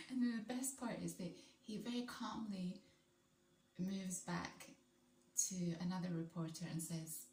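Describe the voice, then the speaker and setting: A woman's voice: on the low side, fairly even intonation, normal speed, a little mellow, roomy sound, a little hiss or hum. A woman vlogging in casual, enthusiastic chat, rambling a little as she goes. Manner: chatty, enthusiastic, rambling with restarts.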